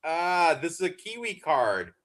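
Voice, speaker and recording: A man's voice: a little high, big pitch swings, measured pace, a bit bright. A man in his fifties co-hosting a sports betting show, rambling casually, laughing often and swearing freely. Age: 50s. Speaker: podcast co-host. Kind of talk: casual chat.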